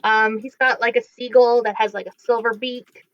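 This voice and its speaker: A woman's voice: fairly high pitch, flat delivery, normal speed, dry recording, faint music behind. A woman running a tabletop game as game master, narrating casually with many fillers. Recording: dry, dull lo-fi mic.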